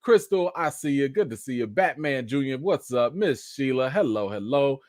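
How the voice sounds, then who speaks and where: A man runs a casual live stream, calling out viewers by name in an animated, bouncy voice. His pitch swings widely from low to high. The sound is dry, with no room echo. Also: moderate pace. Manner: animated, greets viewers one by one; laughing, chatty storytelling. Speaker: livestream host.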